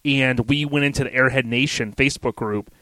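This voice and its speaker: A man's voice: medium pitch, steady tone, brisk, bright, forceful tone, no echo. A man in his forties hosting a podcast, talking in a laid-back, slangy way and laughing often. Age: 40s. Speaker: podcast host. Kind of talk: casual podcast chat.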